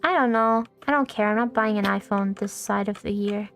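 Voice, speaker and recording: A young woman streams a game as a VTuber in a medium-pitched, slightly bright voice at normal speed. Her chat is casual and rambling, full of swearing and self-mockery, over faint background music.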